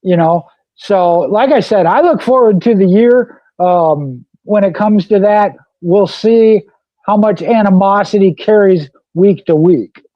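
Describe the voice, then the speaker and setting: Male co-host, high voice, dry muffled lo-fi sound, rambling racing chat. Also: measured pace, no room sound. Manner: rambling, repeats "like I said" and "you know". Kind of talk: casual racing talk radio chat.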